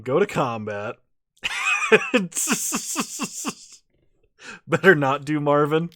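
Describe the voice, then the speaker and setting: A man's voice: a little high, drawn-out words, long pauses, dry recording, studio quality. A man streaming a card game with casual commentary, laughing often and a little tipsy after a few beers. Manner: laughs often, relaxed and chatty.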